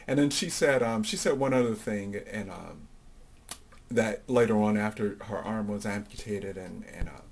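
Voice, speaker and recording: A man's voice: lowish voice, gravelly, slight background noise. A middle-aged man telling his life story in an interview, reflective and full of fillers, acting out the voices of people he quotes. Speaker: interview guest.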